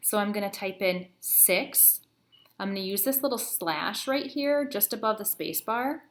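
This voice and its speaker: Teacher lady explaining math slow and patient, counting out loud, roomy echo. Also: mid-range voice, expressive. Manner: patient, counts aloud slowly, addresses students. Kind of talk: classroom math lesson video. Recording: echoey room.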